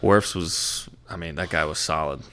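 A man's voice: a bass voice, moderate pace, bright, forceful tone. A young man chatting casually about sports on a podcast, laid-back and profane, with lots of fillers and restarts. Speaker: podcast co-host.

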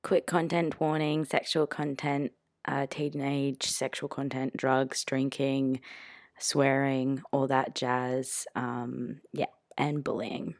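A woman's voice: very deep voice, little pitch movement, takes it slowly, dry recording, studio quality. A woman giving a casual content warning, listing items in an offhand, hesitant way.

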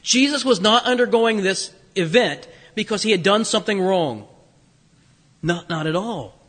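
A man's voice: high voice, lively intonation, moderate pace, fairly bright tone. A man preaching a sermon in a conversational way, full of jokey asides and frequent "you know"s. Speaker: pastor. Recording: reverberant hall.

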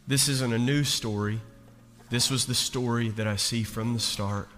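A man in his thirties preaching a sermon as pastor, slow and emphatic, building to loud peaks. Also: mid-range voice, fairly even intonation. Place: church sanctuary. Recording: long reverb of a large hall. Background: soft instrumental music.

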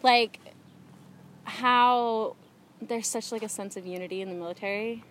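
A young woman in casual chat about movies, relaxed and full of "like" fillers. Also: a little high, unhurried.

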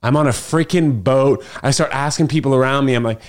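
A young podcast host chats solo to a camera set on his fridge in his apartment kitchen, telling stories in a loose, rambling way packed with filler words. His mid-range voice moves a little fast with few pauses. It's a casual solo vlog chat.

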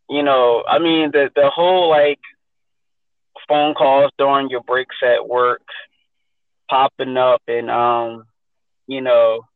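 A man's voice: mid-range voice, no room sound. A man co-hosting a podcast, talking loosely and rambling with lots of fillers. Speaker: podcast co-host. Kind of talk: casual podcast chat. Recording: tinny phone-line sound.

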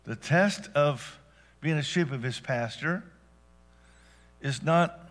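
A man preaching a sermon as pastor, dynamic, swinging from loud exclamations to hushed asides. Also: on the high side, slow pace.

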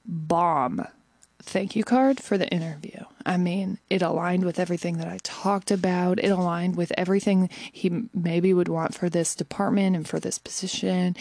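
Young adult woman, vlog storytime, reflective and unhurried, dead room. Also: on the low side, no room sound. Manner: candid and reflective, drifting into hushed whispers. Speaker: vlogger. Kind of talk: personal storytime monologue.

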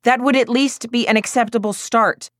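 A woman's voice: mid-range voice, unhurried, fairly bright tone, no room sound, clean studio sound, pitched above the performer's own voice, natural voice. A woman reading a blunt, irritated parent in a parenting group, speaking in a curt, snappish way, in an audiobook.

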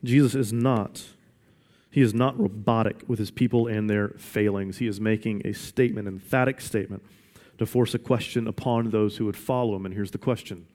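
A man's voice: fairly low pitch, steady tone, brisk, darkish tone. A man preaching a sermon as pastor, emphatic and repeating his questions for weight. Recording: long reverb of a large hall.

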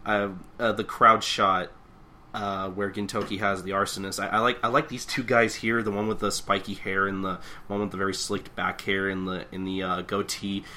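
A man's voice: fairly low pitch, flat delivery, moderate pace, sharp tone. A man co-hosting a podcast in casual chat, rambling and hesitant with many fillers. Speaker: podcast co-host.

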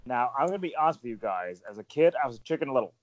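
Man in his forties, animated storytelling, dry lo-fi mic, casual panel chat. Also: medium pitch, very fast, dry recording. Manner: animated, storytelling, frequent fillers. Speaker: podcast panel host.

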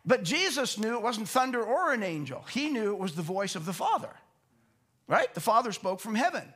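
A man's voice: high voice, sing-song, moderate pace, pushed and bright. A man preaching a Bible teaching sermon in a conversational way, asking rhetorical questions and repeating words as he explains. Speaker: pastor.

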